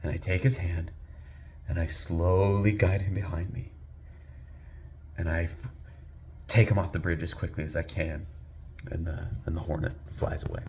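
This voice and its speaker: A man in his thirties, a father, telling a personal story in a lively way that rises loud and sinks to a hush. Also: moderate pace, pauses often, a little hiss or hum. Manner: lively, climbs loud on exciting beats and drops low and hushed at tense moments.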